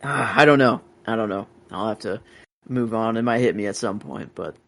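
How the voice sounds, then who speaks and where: A man's voice: fairly low pitch, moderate pace, vocal fry, a bit bright. A man co-hosting a podcast in casual chat, hesitant and often trailing off. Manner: hesitant, trails off with "I don't know". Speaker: podcast co-host.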